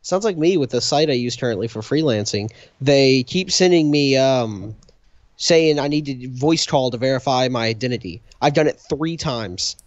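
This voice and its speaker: A man's voice: mid-range voice, lively intonation, moderate pace, no echo, muffled recording. A young man co-hosting a casual podcast, joking and teasing in a crude way. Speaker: podcast co-host. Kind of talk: casual chat.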